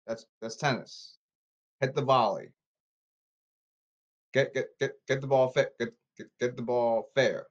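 A man ranting on his own podcast, repeating himself and calling people out, swinging from apologetic mutters to shouts. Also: medium pitch, fairly even intonation, a little slow, pauses often. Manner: repetitive, emphatic, calling people out. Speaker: podcast host. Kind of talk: rambling solo podcast rant.

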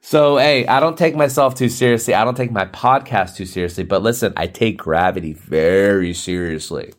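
A man in his thirties hosting a podcast, rambling through a comedic rant, laughing often and jumping into high-pitched exclamations. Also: normal speed. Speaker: podcast host.

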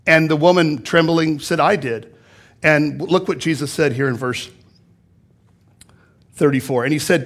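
In a church sanctuary, a male pastor with a fairly high voice gives a sermon to his congregation at normal speed. He reads a scripture passage aloud, explains it, and hammers his points home through emphatic repetition.

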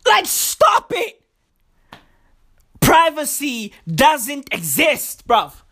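Lady ranting for laughs, high voice swinging all over, slow and draggy, cussing and yelling a lot. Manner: animated, shouty, profane slang-heavy. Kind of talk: comedic rant.

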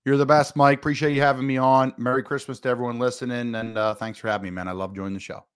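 A man who once played pro football, talking as a guest on a sports radio show and stressing his points with big jumps in pitch. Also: flat delivery, fast, clear, resonant tone. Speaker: guest, former NFL player. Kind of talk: casual sports radio talk.

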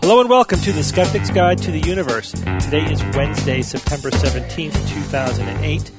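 A man hosting a podcast, chatting casually and explaining news items in a relaxed way. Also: fairly high pitch, a little fast, vocal fry, loud music behind the voice. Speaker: podcast host. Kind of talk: casual chat.

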